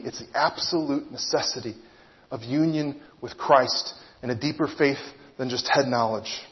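A man's voice: fairly high pitch, a little fast. A man delivers an earnest sermon in a slightly raised voice, working through his point with rhetorical questions to the congregation. His words ring with a long reverb, as if from a large hall, and the recording sounds dull and muffled. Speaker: preacher.

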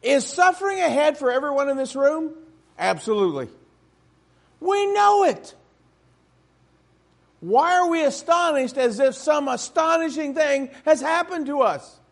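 A man's voice: extremely high pitch, expressive, measured pace, vocal fry, pauses often. A man preaching a sermon to a congregation in church, emphatic and full of rhetorical questions.

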